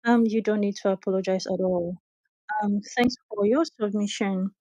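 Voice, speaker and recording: A woman moderating an online audio discussion, speaking calmly and reassuringly with fillers. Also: mid-range voice, normal speed, no echo, rough recording.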